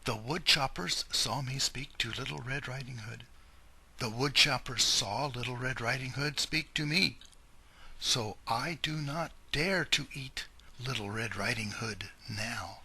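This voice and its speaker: A man's voice: mid-range voice, a little slow, creaky, sharp tone, husky, exaggerated voice. A man voicing a sly male wolf from a storybook, often whispering as he plots. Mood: scheming. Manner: sneaky, gleeful, with whispered scheming.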